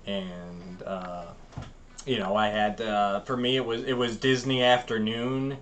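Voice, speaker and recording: A man's voice: lowish voice, little pitch movement, measured pace, fairly bright tone, a little hiss or hum. A man co-hosting a podcast, rambling animatedly through childhood memories in casual chat with many fillers. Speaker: podcast co-host.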